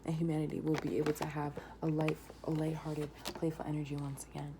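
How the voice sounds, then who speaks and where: Low-voiced woman whispering tarot readings. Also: fast talker. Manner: often drops to a whisper, excited exclamations. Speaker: tarot reader. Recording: noisy home recording.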